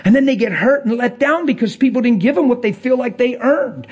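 A man preaching a sermon to a church crowd. He moves from hushed whispers to excited, nearly shouted lines and acts out people's voices in his stories. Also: fairly quick, few pauses, breathy edge. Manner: swings between hushed whispers and high excited near-shouting.

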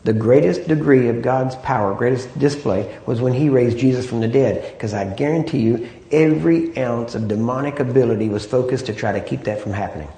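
A man's voice: medium pitch, fairly quick, hardly any pauses, warm tone, slight background noise. A man preaching a sermon in an easy, conversational way, often asking "Amen?" and "right?" to draw agreement. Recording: echoey room.

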